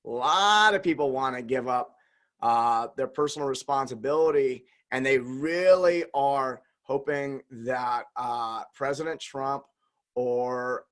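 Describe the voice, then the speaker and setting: Slow, relaxed man with a slight drawl. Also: medium pitch. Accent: slight Southern drawl. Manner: relaxed, pleasant, thinks aloud with many restarts. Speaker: podcast host. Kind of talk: casual conversational interview.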